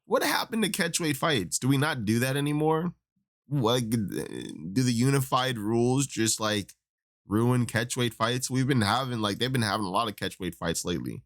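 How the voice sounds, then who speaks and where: A man's voice: medium pitch, animated, moderate pace. A young man ranting about mixed martial arts in a casual, profane, exasperated way. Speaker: MMA commentator. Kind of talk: casual opinion rant.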